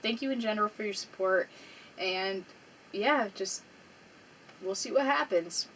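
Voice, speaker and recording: A woman's voice: mid-range voice, a little slow, a bit bright. A young adult woman vlogging to her small audience, emotional and rambling, swearing often and fighting back tears. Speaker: small YouTuber. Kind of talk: casual vlog. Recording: slightly distant mic with faint background noise.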